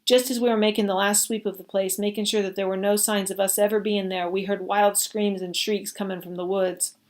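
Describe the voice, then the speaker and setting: Brief: woman storyteller, mid-pitched, expressive and steady read-aloud. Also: brisk. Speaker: reader. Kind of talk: reading a story aloud at a service.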